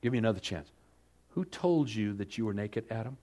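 A man doing a hushed, coaxing fatherly God. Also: expressive, a little fast. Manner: low, hushed, urging.

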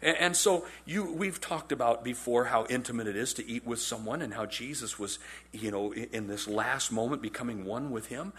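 A man preaching a sermon in a conversational, animated storytelling way, often repeating phrases for emphasis. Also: medium pitch, normal speed, husky. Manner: animated storytelling, acts out quotes in character. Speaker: pastor.

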